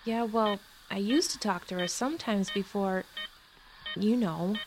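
A woman's voice: medium pitch, a little slow, background noise, lightly acted. A woman doing a hesitant, awkward young father.

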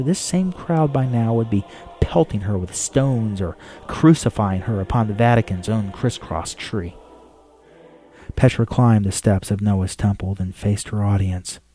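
A man's voice: medium pitch, measured pace, warm tone, faint music behind. Man narrating a novel steadily. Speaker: audiobook narrator. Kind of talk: scripted narration.

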